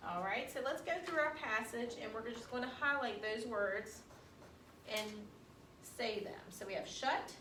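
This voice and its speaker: A woman teacher giving a phonics lesson to young children, sounding out each word slowly and carefully. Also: fairly high pitch, sharp tone. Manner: slow, sounding out words carefully. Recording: roomy room, distant mic, faint hiss.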